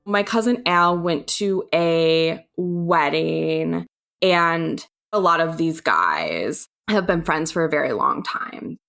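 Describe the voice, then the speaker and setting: Slow, lively-voiced woman recounting. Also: deep voice, vocal fry, soft background music. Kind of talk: personal testimony, podcast.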